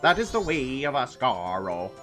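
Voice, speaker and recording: A man's voice: medium pitch, very animated, normal speed, fairly bright tone, soft background music. A man voicing a proud, defeated ghost ninja master in a dramatic, dubbed-anime style.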